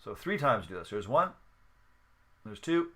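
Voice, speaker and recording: A man's voice: medium pitch, very animated, unhurried, a bit bright, husky. A man hosting a sports card break livestream, talking casually, counting steps aloud and apologizing for slip-ups. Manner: chatty, apologetic self-corrections, counts aloud.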